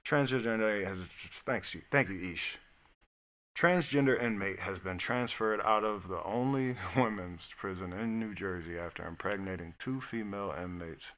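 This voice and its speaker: A man's voice: lowish voice, normal speed, fairly bright tone. A man hosting a live stream, reading news articles aloud and breaking off into blunt, slangy reactions. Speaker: streamer host. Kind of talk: casual live-stream commentary.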